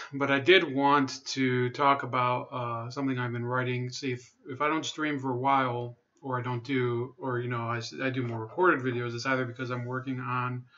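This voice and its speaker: Bright-voiced man rambling through commentary. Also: medium pitch, lo-fi sound. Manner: rambling with frequent fillers and restarts; blunt and profane. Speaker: political commentary vlogger. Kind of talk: casual spoken commentary video.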